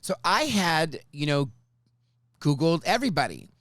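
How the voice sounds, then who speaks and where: Animated storyteller host, dry close sound. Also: male voice, on the high side, measured pace, no room sound. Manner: animated, swears often, acts out quotes. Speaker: podcast host. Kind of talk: casual storytelling chat.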